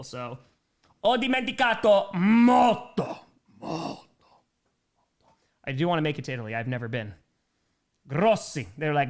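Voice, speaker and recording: A young American man hosting a livestream, calling plays and chatting with viewers. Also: a little high. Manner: switches between excited play calls and chatty replies to viewers. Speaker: livestream host doing play-by-play. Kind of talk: casual livestream play-by-play and chat.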